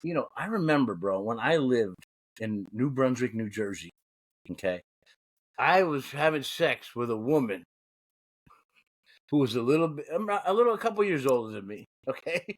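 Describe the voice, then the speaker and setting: Pausing often at a moderate pace, this medium-pitched male co-host in his forties trades crude, profane stories on a laid-back podcast. His delivery is animated and full of laughter.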